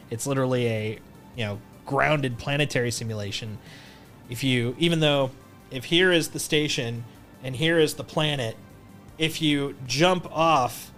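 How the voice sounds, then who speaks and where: A man's voice: mid-range voice, fairly bright tone. A man streaming a game live, chatting in a rambling, playful way with lots of jokes and self-restarts. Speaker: livestreamer. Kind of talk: casual gameplay commentary.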